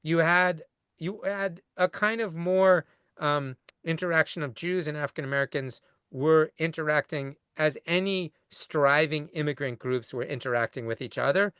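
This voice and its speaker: A man's voice: on the high side, moderate pace, a bit bright, clear, resonant tone, dry recording, studio quality. Rambling male lecturer on a video call. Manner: long-winded, rambling with restarts. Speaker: rabbi and lecturer. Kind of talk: conversational lecture answering a question.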